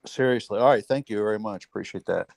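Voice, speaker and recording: A man in a casual voice chat, asking others a question in a relaxed way. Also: lowish voice, fast talker, creaky, background noise. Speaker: chat participant.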